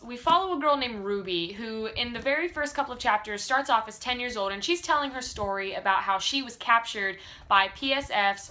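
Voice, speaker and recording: A young woman casually reviewing a book from her room, gushing and rambling with lots of "like" and quick restarts. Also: on the high side, pushed and bright. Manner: bubbly, gushing, filler-heavy with lots of "like".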